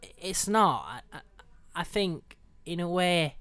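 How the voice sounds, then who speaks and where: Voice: mid-range voice, animated, measured pace, fairly bright tone, dry recording. Young podcast co-host, dry close sound. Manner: chatty, stumbling restarts. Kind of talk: casual film discussion.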